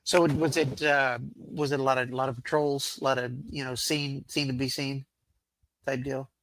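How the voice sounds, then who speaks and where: A man's voice: mid-range voice, flat delivery, normal speed, fairly bright tone, slight background noise, rough recording. A male podcast host asking loose, restarting questions in a casual interview.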